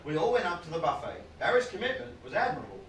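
A male comedian telling a story live on stage, with an animated, punchy delivery and sudden loud outbursts. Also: high voice, rapid-fire. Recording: echoey, distant, noisy room mic.

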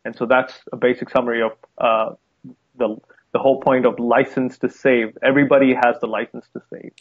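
A man's voice: mid-range voice, flat delivery, brisk, breathy edge. A young man from India with a lightly Indian accent, a conservationist guest talking casually and enthusiastically about his work from a room at home. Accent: Indian, softened by time in the U.S. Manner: friendly, enthusiastic, with fillers and light laughs. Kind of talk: casual interview talk. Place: home room with a guitar behind him. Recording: tinny phone-like line.

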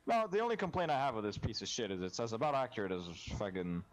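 A man's voice: medium pitch, wildly swooping pitch, fast talker. A man hosting gaming commentary, talking casually with lots of swearing and jokes. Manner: casual, profane, joking. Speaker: host.

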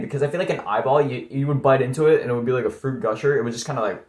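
A man's voice: mid-range voice, rapid-fire, a little mellow. Young male vlogger, laid-back and rambling, ordinary mid voice, echoey room. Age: young adult. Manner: rambling, laid-back, says dude and like a lot. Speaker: YouTuber. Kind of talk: casual solo commentary.

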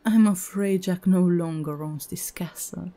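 A woman voicing an eerily calm, distracted woman on a phone line, speaking with a subtle lisp in a horror story. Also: lowish voice, measured pace. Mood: serene.

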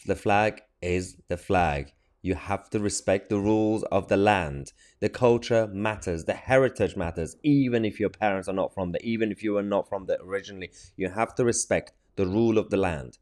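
A man's voice: fairly low pitch, normal speed, a little mellow. A man giving opinionated online commentary on a TV debate, mocking and exasperated, laughing between his points. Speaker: political commentator reacting to a TV clip.

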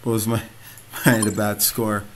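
A man's voice: on the low side, little pitch movement, moderate pace. Young man grumbling through gameplay. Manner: frustrated, self-mocking. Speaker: gamer. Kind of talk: gameplay commentary. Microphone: desk mic. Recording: noisy home mic with clicks.

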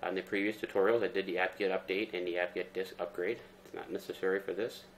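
A man with a very low voice walks through a screen-recorded tech tutorial at an easy pace, explaining each step as he goes with plenty of ums and uhs. Faint noise and keyboard typing sit behind him. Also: quick pace. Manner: relaxed step-by-step explaining with fillers. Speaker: tutorial presenter.

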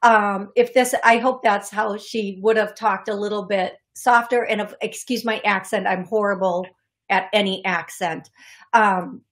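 On her call-in radio program, a middle-aged psychic medium talks in fits and starts, restarting often and leaning on fillers. Her mid-range voice sounds a touch bright and stays fairly even in intonation.

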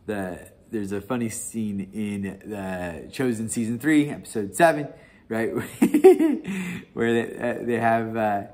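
A young man casually leading a Bible study, rambling with frequent restarts, laughs and tag questions. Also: lowish voice. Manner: rambling, laughs often, many restarts and "right?".

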